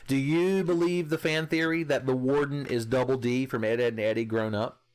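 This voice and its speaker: A man's voice: medium pitch, steady tone, moderate pace, a little mellow, clear, resonant tone, soft background music. A young man casually commenting on a video game as he plays, swearing and joking with his chat and laughing often. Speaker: streamer.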